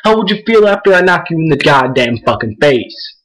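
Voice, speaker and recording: A man's voice: fairly high pitch, big pitch swings, brisk, fairly bright tone, poor audio. A young man ranting angrily into his camera, profane and repetitive. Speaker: vlogger. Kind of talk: angry rant to camera.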